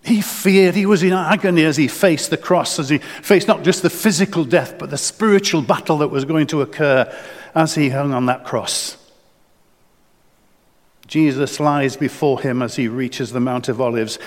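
Earnest preacher with a booming echo. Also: male voice, normal speed. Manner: earnest, repeats words and restarts often. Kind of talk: sermon. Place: church. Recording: long church reverb.

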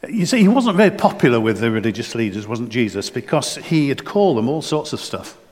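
A man's voice: mid-range voice, big pitch swings, brisk, a little mellow. A man preaching a sermon in earnest, often repeating words and restarting phrases. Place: church. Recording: long church reverb.

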